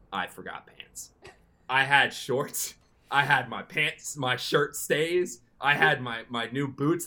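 A young man casually telling a long, animated story as a podcast co-host, often slipping into excited quoted self-talk. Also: medium pitch.

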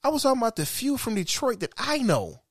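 A man hosting a podcast, telling stories in a casual, profane, animated way. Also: very high-pitched, fast, no room sound, clean studio sound. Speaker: podcast host.

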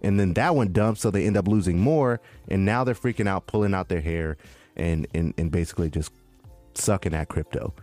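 A man co-hosting a casual podcast, excitable and slangy as he chats. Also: low voice, brisk, faint music behind. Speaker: podcast co-host. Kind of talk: casual crypto chat.

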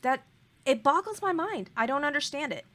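A woman's voice: high-pitched, lively intonation, normal speed, sharp tone. A woman co-hosting a podcast in casual chat. She gushes with emphatic, playful exaggeration. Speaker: podcast co-host.

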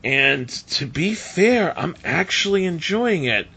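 Male podcast co-host with a bright voice, animated and chatty. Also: fairly high pitch, takes it slowly, vocal fry, slightly rough. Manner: animated, laughs often, trails off and restarts. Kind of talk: casual wrestling podcast chat.

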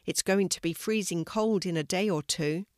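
A woman voicing a kindly, practical male hedgehog in a storybook, with a brisk, chatty delivery. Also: lowish voice, no room sound, studio quality, natural voice. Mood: friendly.

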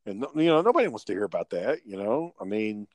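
Man, podcast host, low-pitched, dry close sound, rambling and profane storyteller. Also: sing-song, fast talker, no room sound. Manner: rambling, profane, laughs while telling stories. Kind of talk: casual storytelling chat.

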